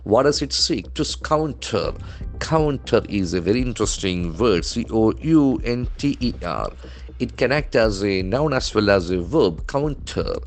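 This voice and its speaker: A man's voice: lowish voice, lively intonation, a little slow, soft background music. A man teaching vocabulary from newspaper headlines, spelling words letter by letter and modeling their pronunciation. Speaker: English trainer.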